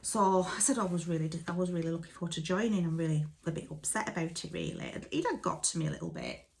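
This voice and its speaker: Chatty woman with a gravelly voice. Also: lowish voice, quick pace, darkish tone. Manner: chatty, retells conversations with quoted dialogue. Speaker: vlogger. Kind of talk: casual storytelling to camera.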